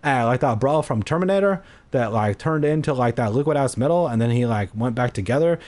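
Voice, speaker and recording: A man hosting a podcast, reading a children's horror book aloud in an animated way and breaking off into crude throwaway jokes. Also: medium pitch, a little fast. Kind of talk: comedic read-aloud with jokey asides.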